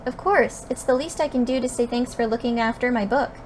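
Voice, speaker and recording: A woman voicing a friendly old male wizard ghost in a game, explaining gently. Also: a little high, fairly quick, slight background noise, lightly acted. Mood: kindly.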